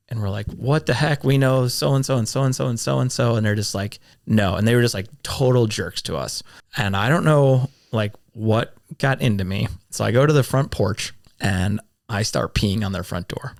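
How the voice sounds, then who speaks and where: A man in his thirties co-hosting a casual podcast, telling stories in lively bursts and laughing easily. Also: lowish voice, no room sound, clean studio sound. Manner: animated storyteller, quick bursts, laughs. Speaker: podcast co-host. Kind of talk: casual chat.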